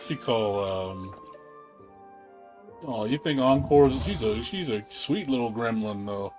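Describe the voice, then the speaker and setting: A man's voice: on the low side, darkish tone. A man streaming a game in a casual chat, laughing often and rambling with repeated words.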